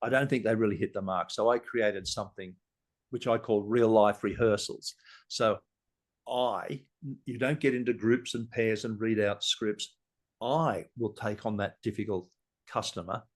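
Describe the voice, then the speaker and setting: A man speaks as a guest on a podcast, explaining his training work in casual conversation. His voice sits a bit low, and he tells stories with energy, laughs often and slips into little acted scenes. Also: normal speed. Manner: animated storyteller, laughs often, acts out scenes. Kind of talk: casual interview talk.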